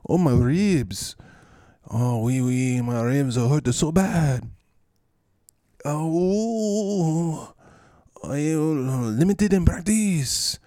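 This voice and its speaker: A man's voice: medium pitch, slow, dark tone, dry recording, clean studio sound, natural voice. A man voicing a whiny, injured male football player with a mock French accent, groaning about his sore ribs. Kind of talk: comic podcast skit.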